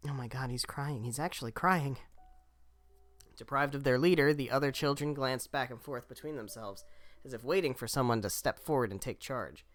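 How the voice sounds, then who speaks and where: A man's voice: mid-range voice, a bit bright, no echo. A young adult man streaming a game, reading its text aloud with blunt, reactive asides. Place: home streaming setup.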